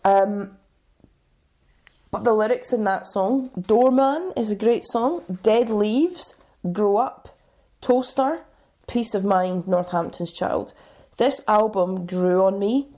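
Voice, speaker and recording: A woman co-hosting a relaxed music podcast, her voice sitting at an ordinary middle pitch. She chats easily and reads out lists from her notes, filling the gaps with ums. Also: slow pace. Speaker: podcast co-host. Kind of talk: casual podcast chat.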